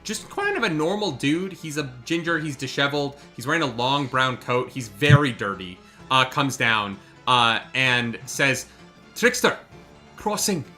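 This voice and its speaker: A man running a live tabletop game as game master, halting with many fillers and joking, profane asides. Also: medium pitch, expressive, sharp tone, faint music behind.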